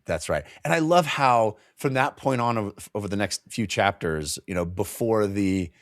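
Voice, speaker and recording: On a casual book podcast, this male co-host recaps the story with a fairly low voice at a moderate pace, animatedly acting out characters' lines and laughing often. The recording is dry and studio-clean.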